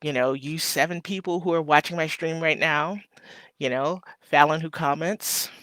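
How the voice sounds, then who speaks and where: A small business owner hosts a casual live stream, chatting with viewers in a rambling, heartfelt way full of ums and thank-yous. Her bright voice now and then leaps into a high, playful squeal. She speaks at a normal speed, and the sound is dry and close with no room sound.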